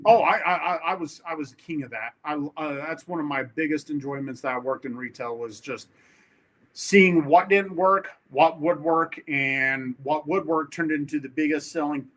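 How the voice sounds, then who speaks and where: A man's voice: fairly high pitch, moderate pace, a bit bright. A man who is a guest on a podcast, talking eagerly with a lot of stumbling restarts and acting out phone calls with clients. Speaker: podcast guest, sales rep. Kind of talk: casual chat.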